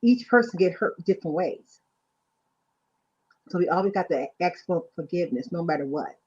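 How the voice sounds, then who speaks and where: Husky woman hosting a faith livestream. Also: lowish voice, animated, moderate pace. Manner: repeats "you know what I'm saying". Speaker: livestream host. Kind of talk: casual faith talk. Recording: dull lo-fi sound.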